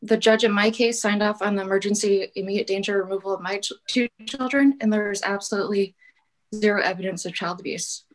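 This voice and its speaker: A woman speaks earnestly over a call-in line, pleading her case in public testimony. Her voice sits at a middle pitch, broken by ums. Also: fairly even intonation, fast, low-quality recording. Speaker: public commenter. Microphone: call-in audio.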